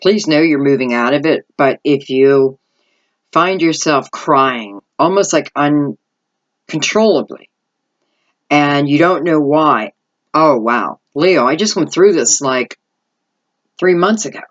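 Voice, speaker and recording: A woman's voice: sits low, expressive, slow, muffled recording. Rambling middle-aged woman reading tarot. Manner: rambling, thinking aloud, lots of "I feel like" asides. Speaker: tarot reader. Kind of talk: intuitive tarot reading monologue.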